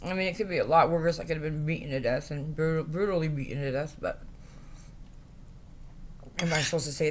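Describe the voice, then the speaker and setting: A woman speaking into a phone camera in a rambling, distressed rant, halting and profane, with many fillers. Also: deep voice, slight background noise. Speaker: vlogger.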